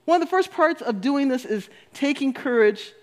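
A man with a strikingly high voice delivers a spiritual talk in an animated way. He laughs often and repeats words to hammer points home. His voice rings with a long reverb, as in a large hall. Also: moderate pace. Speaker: spiritual speaker.

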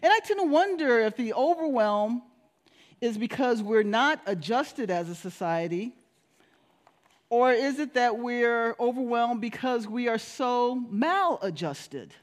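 A woman's voice: a little high, measured pace. A woman pastor giving a sermon in a storytelling manner. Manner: storytelling, with animated voices for quoted people.

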